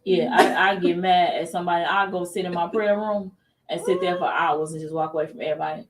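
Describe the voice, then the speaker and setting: Animated woman host, a bit off-mic. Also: fairly low pitch, fast talker, recorded from a distance, noisy background. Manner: animated storytelling, acts out quoted dialogue. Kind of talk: casual faith talk show chat.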